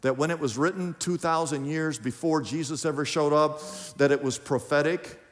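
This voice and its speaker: A man's voice: a little high, normal speed, long reverb tail. A man preaching a sermon in a church, emphatic and questioning the congregation directly. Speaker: pastor. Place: church sanctuary.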